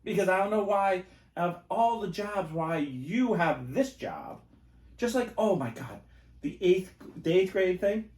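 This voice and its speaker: A man hosting a casual podcast chat, telling animated stories and acting out the voices of the people he quotes. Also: high voice, a little slow, far from the mic. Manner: animated storyteller who acts out quoted voices. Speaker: podcast host. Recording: roomy echo.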